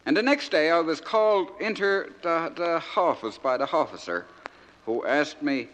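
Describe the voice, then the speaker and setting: A man's voice: on the high side, animated, normal speed, a bit bright, long reverb tail, voice pushed up, low-quality recording. A man voicing a naive young soldier from a small outport, telling his story in thick Newfoundland dialect with comic timing. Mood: folksy. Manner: folksy dialect storytelling with punchlines. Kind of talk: comic monologue.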